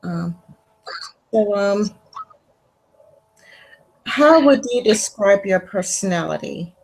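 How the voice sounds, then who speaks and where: A woman interviewing a guest, speaking haltingly with many ums. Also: medium pitch, expressive, vocal fry, a little mellow, poor audio. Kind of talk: casual interview questions.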